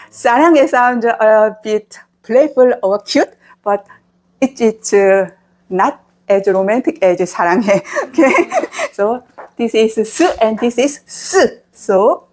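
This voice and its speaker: A woman's voice: fairly high pitch, expressive, measured pace, darkish tone, slight background noise. A woman with a Korean accent teaching pronunciation, patiently repeating syllables for learners to copy. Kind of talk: slow, patient pronunciation lesson.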